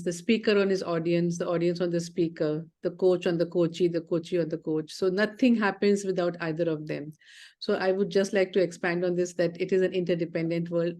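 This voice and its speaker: Woman, low flat voice, mellow tone, calm and measured. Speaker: guest speaker.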